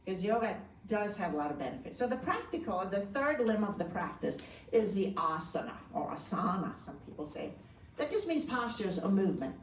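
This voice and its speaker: Brisk and sing-song, a woman with a medium pitch leads a conversational yoga talk, asking her audience questions as she goes. The community room echoes through a distant mic, and there's slight background noise.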